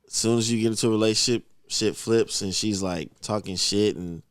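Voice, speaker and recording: A man's voice: lowish voice, steady tone, fairly quick, clear, resonant tone, dry recording, studio quality. A young man co-hosting a podcast, trading blunt, slangy banter. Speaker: podcast co-host. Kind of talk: casual chat.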